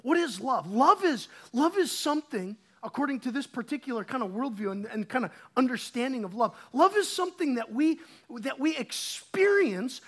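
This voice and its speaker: A man in his thirties preaching a casual, conversational sermon, swinging from quiet asides to emphatic bursts and often repeating words as he restarts. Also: very high voice, lively intonation, moderate pace. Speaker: pastor.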